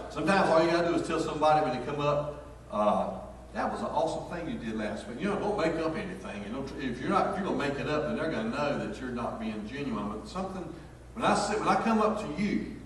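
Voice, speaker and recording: A man's voice: mid-range voice, slight background noise. A man, a pastor preaching a sermon in a folksy, storytelling way. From North Carolina, USA. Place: church sanctuary. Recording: echoey hall, picked up from far off.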